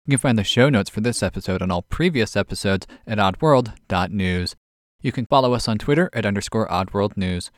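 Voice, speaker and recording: A man's voice: lowish voice, dry recording. Man reading odd news stories, dry sound. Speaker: podcast host.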